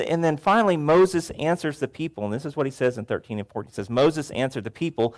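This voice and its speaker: A man's voice: fairly high pitch, quick pace, hardly any pauses. A male pastor giving a sermon to a congregation, telling stories with animation. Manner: animated storytelling, acts out voices. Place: church before a congregation.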